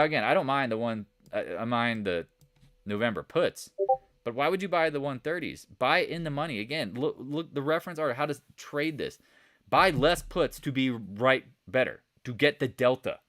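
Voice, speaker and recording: Animated man hosting a live market chat. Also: medium pitch. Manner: animated, rhetorical questions, coaching tone. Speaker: trading channel host.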